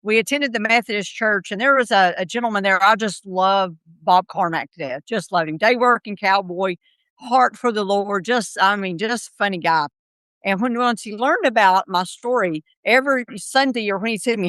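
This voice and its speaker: With a mid-range voice and a slightly fast pace, a middle-aged woman tells her story as a podcast interview guest, and there's no room sound. She's an animated storyteller who performs the voices of those she quotes.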